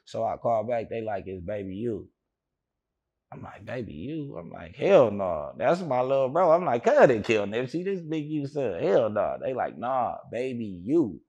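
A man with a gravelly, rough voice sits for an interview and tells a long story. He rambles, restarts often and acts out the other people's lines as he goes. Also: medium pitch, sing-song, normal speed, a little mellow, lo-fi sound. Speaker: interview guest. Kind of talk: casual storytelling.

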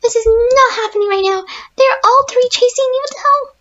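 A woman voicing a timid, gentle young female pegasus pony, playing a game in character and talking to herself with easily spooked, jittery chatter. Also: extremely high pitch, measured pace, lo-fi sound. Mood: panicked. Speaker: let's-play gamer in character.

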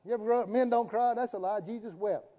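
Preacher guy, high mellow voice, jokey and folksy, dull echoey church stream. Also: quick pace. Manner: folksy, joking preaching with call-and-response. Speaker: pastor. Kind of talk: sermon. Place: church sanctuary.

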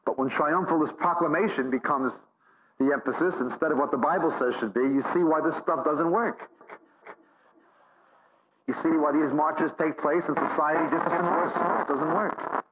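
A man delivers a sermon from the pulpit, his voice sitting a little high for a man. He preaches with emphatic, repeated phrases and long lists. The recording sounds dull and lo-fi. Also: normal speed, slight background noise. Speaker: Bible teacher.

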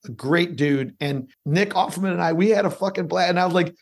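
A middle-aged man from Chicago, an actor guest telling stories in casual podcast chat, lively and swearing freely. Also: sits high, a little fast, creaky, husky.

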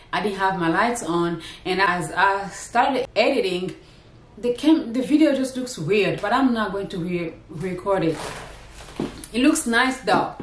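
A woman chatting casually to her viewers in a vlog, rambling and talking straight to camera from her home. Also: mid-range voice. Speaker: lifestyle vlogger. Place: indoors at home. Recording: echoey room.

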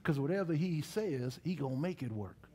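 A middle-aged man preaching a sermon in a church, with lively call-and-response to the congregation. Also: a little high, normal speed. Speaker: pastor. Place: church sanctuary.

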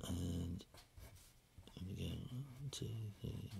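A man's voice: sits low, slow pace, creaky, dark tone, breathy edge. A British man, an illustrator, chatting and laughing often as he talks through a drawing tutorial. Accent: British English.

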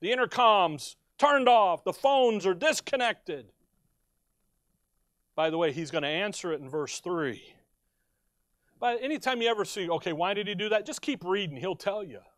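A man preaching a sermon, swinging from quiet asides to loud, impassioned cries as he reads scripture aloud. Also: high-pitched, expressive, measured pace, long pauses, no room sound, studio quality. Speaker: pastor.

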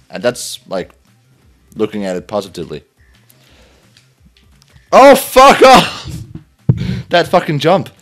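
A young man giving let's play commentary, laughing often, swearing and yelping in frustration as he plays. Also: mid-range voice. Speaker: gameplay commentator.

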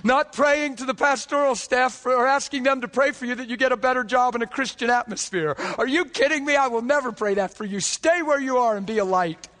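A man's voice: very high voice, fairly quick, hardly any pauses, a bit bright, in a large hall. A man preaching a sermon to a congregation, impassioned and full of rhetorical questions that rise to emphatic peaks. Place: church service before a congregation.

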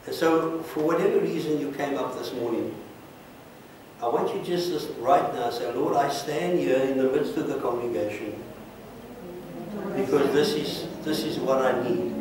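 Pastor praying in an echoey church. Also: male voice, mid-range voice, distant mic, noisy background. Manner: earnest, pleading, repeats short blessings. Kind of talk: altar call prayer. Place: large church sanctuary.

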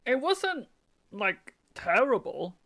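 A young man with a high, bright voice reacts to a horror game as he plays. He yells and swears in panic, then settles back into slow, unhurried talk. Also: big pitch swings. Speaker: gaming video host. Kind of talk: horror game playthrough commentary.

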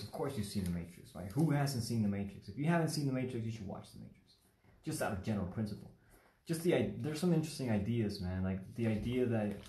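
A man's voice: lowish voice, warm tone, roomy sound, a little hiss or hum. A man from Mexico teaching paper folding in a casual livestream, rambling and chatty, often checking in with the viewer. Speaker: origami instructor. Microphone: livestream phone or webcam mic.

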